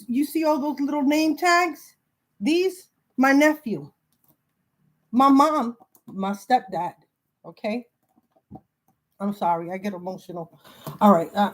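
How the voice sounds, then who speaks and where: Woman vlogger, somewhat high voice, talks to camera in an urgent, shaky, stumbling way. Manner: halting, repeats words, breaks off emotionally; urgent warning tone. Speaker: spiritual video creator. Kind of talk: emotional direct-to-camera monologue.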